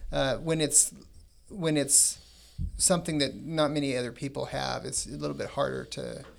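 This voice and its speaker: A man's voice: mid-range voice, steady tone, moderate pace, creaky. A middle-aged man, a podcast guest, talking reflectively and hesitantly with many fillers in casual conversation.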